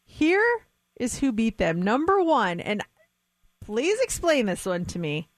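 A woman co-hosting a radio show, telling stories and reading news items in a chatty, lively way. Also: on the high side, unhurried, no room sound. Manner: chatty storyteller, animated. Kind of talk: casual radio chat and news segment. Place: radio studio. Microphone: studio mic.

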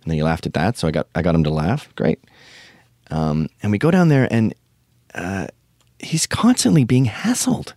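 A man's voice: low voice, big pitch swings, normal speed, mellow, dry recording, clean studio sound. A man hosting a podcast, telling a rambling, profane comic story full of tangents. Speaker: podcast host. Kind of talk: casual comedic storytelling.

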